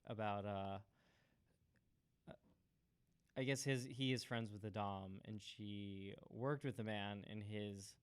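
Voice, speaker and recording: A man's voice: lowish voice, smooth. A man co-hosting a podcast who chats casually, adds joking asides and asks wry follow-up questions. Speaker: podcast co-host. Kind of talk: casual chat.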